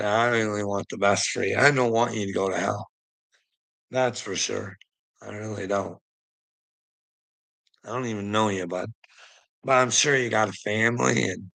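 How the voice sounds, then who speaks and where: A man's voice: fairly low pitch, gravelly, bright, forceful tone, low-quality recording. A man hosting a rambling live stream, preaching and teasing a viewer directly, laughing often between lines. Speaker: livestream host.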